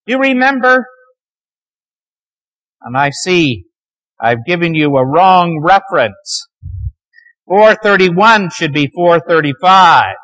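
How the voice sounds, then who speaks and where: A man lecturing a class on the Bible, telling its stories dramatically and sometimes dropping to a near hush. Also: high-pitched, sing-song, takes it slowly, pauses often, rough recording. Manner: dramatic storytelling, dropping to near hushed tones.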